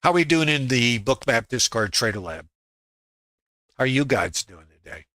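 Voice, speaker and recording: At medium pitch and a moderate pace, a middle-aged man speaks in an animated way with a sharp tone, free of echo. He is a trading educator on a live stream, walking through his trades on screen, thinking aloud and quoting his inner voice.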